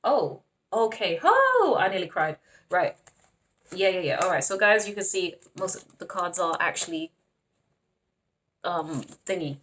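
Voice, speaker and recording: A woman doing a casual tarot reading, excitable, laughing often and calling her viewers honey and darling. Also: lowish voice, normal speed, pauses often, slight background noise. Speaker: tarot reader.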